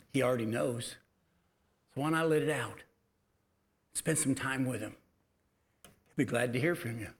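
A middle-aged pastor preaching a sermon, telling a personal story and swinging from quiet asides to loud, emphatic exhortation. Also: male voice, medium pitch.

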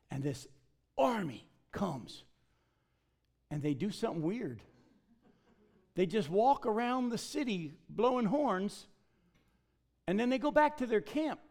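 Animated high-voiced male preacher. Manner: emphatic, animated delivery with acted-out quotes. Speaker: pastor. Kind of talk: sermon.

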